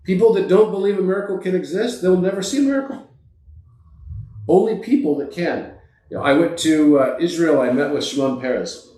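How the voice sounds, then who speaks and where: A man's voice: a little high, brisk, mellow. A man who is a podcast guest, telling motivational stories in an emphatic and earnest way. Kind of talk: motivational storytelling. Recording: echoey room.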